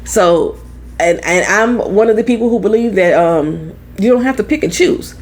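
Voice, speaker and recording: A young adult woman from St. Louis, now living in Florida, with a Midwestern accent gone a bit country, talking loud and blunt in a casual tarot vlog, swearing freely. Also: mid-range voice, animated, normal speed. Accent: Southern-tinged Midwestern American. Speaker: tarot reader.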